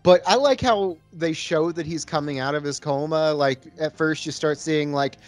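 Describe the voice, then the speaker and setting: A young man walks through a movie's plot as a podcast co-host, relaxed and given to crude jokes. His voice sits slightly high. Faint music runs underneath. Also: normal speed. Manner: laid-back storyteller, cracks crude jokes. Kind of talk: casual movie-riffing chat.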